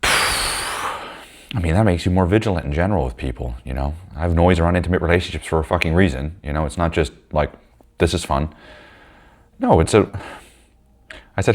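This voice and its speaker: A man's voice: sits low, lively intonation, fairly quick, pauses often. A man leading a men's group, telling a personal story in a blunt, heated, profane way.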